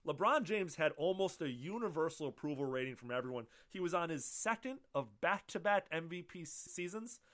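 A man co-hosting a casual podcast, talking animatedly and swearing often, slipping into quoted voices. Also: on the high side. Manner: animated, profane, quick to quote others in put-on voices. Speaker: podcast co-host. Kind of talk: casual chat.

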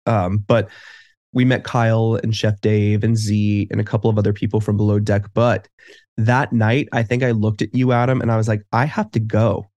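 A man's voice: fairly low pitch, level tone, normal speed, a little mellow, no echo. A man co-hosting a podcast in casual chat, eagerly jumping into the conversation. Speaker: podcast co-host.

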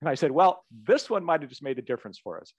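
A man, a political ad maker, telling a lively campaign anecdote as an interview guest, often repeating words as he goes. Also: on the high side, fast talker, slightly rough, dry recording, muffled recording. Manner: animated storyteller who repeats words as he goes.

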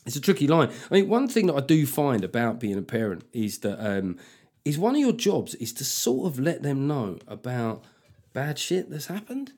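A man's voice: medium pitch, sing-song, normal speed, darkish tone. A middle-aged man hosting a comedy podcast, talking in a sweary, conversational way. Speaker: podcast host.

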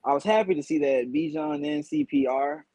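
A man guest on a podcast, giving measured sports analysis in casual chat and thinking aloud as he goes. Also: a little high, lively intonation, dark tone, no echo, poor audio.

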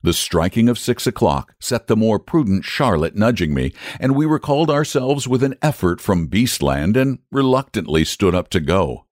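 A man reading a storybook aloud as narrator, in a measured, expressive storytelling manner. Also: fairly low pitch, dry recording, studio quality.

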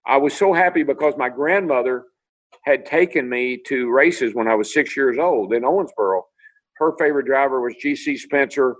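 This older man from Tennessee, once a racing driver, spins animated stories over a video call, voicing the dialogue himself. He speaks in a mid-range voice through poor audio.

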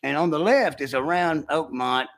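An older man telling a hunting story in casual chat, with a folksy rural way of talking, animated when he acts out the shouting. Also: fairly high pitch, normal speed. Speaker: storyteller recounting hunting trips.

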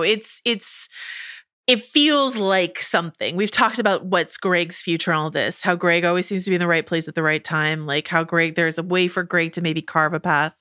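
A woman co-hosting a podcast, chatting casually with quick asides and laughs. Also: fairly low pitch, sharp tone, no echo, clean studio sound. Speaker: podcast co-host. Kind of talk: casual chat about a TV episode.

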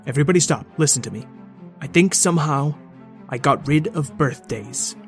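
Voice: mid-range voice, expressive, moderate pace, soft background music, natural voice. A performer voicing a precocious boy who insists earnestly that something is wrong. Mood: insistent.

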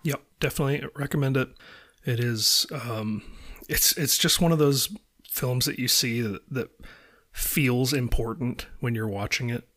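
A man's voice: medium pitch, unhurried, a bit bright. A man chatting casually about a film, hesitant and amused.

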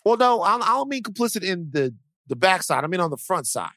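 Animated, stammering podcast man. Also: high voice, a little fast, dry recording, clean studio sound. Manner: animated, swearing freely, restarts and stammers. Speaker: podcast co-host. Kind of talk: casual podcast chat.

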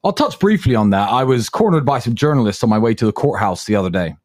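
A man's voice: medium pitch, big pitch swings, quick pace, darkish tone. A man in his thirties co-hosting a podcast, speaking in an emphatic, scornful way. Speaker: podcast co-host. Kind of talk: podcast monologue.

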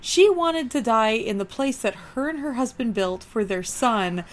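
Animated, profane woman ranting. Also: on the high side, a little slow, hardly any pauses. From California. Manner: emphatic, profane, animated rants. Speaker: podcast co-host. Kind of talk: casual movie-review banter.

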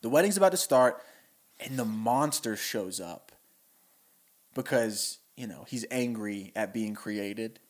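A young man, a podcast co-host, pitching a story in casual chat and breaking into silly voices for the characters. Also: expressive, measured pace.

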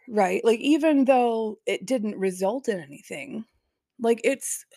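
Gravelly-voiced woman telling a story. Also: fairly high pitch, moderate pace, darkish tone, no room sound, clean studio sound. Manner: chatty, peppered with "like", laughs in disbelief. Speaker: podcast host. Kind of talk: casual personal storytelling.

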